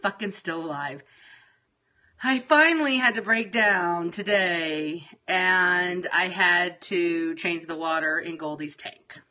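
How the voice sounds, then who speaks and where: A woman's voice: fairly low pitch, slow, pushed and bright. A middle-aged woman chatting casually to her viewers on a livestream, scattered, exasperated and swearing freely. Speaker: livestream host.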